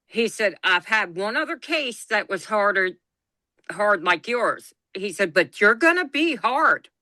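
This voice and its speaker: Slow-talking bright woman storyteller. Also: medium pitch, no room sound. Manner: animated retelling, acts out quoted dialogue. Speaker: podcast co-host. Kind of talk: personal storytelling.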